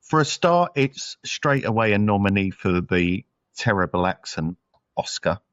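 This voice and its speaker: A man co-hosting a casual film review podcast, blunt and sweary and quick to laugh. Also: on the low side, expressive, fairly bright tone, dry recording. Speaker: podcast co-host. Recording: slightly dull lo-fi sound.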